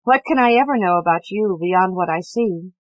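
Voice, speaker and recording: A woman's voice: lowish voice, moderate pace, dry recording, muffled recording, close to an everyday voice. A woman reading the part of a nervous, sensitive young woman in an audiobook, with an intense, earnest delivery. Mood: hesitant.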